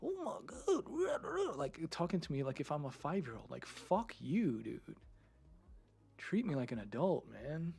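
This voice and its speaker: A man's voice: medium pitch, lively intonation, normal speed, gravelly, dark tone. A man streamer in casual live chat, rambling freely, laughing often and swearing. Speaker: streamer and 3D content creator.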